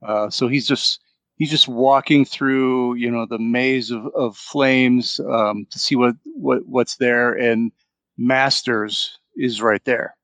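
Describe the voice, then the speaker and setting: A man's voice: medium pitch, steady tone, a bit bright, dry recording. Man recapping a film, dry close sound. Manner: halting, full of ums and restarts. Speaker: podcast co-host. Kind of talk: casual movie recap.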